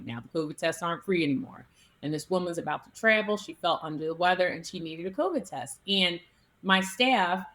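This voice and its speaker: Lively storytelling woman doctor. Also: fairly low pitch. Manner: animated, acts out quoted people in her stories. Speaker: physician, guest. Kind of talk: conversational interview storytelling.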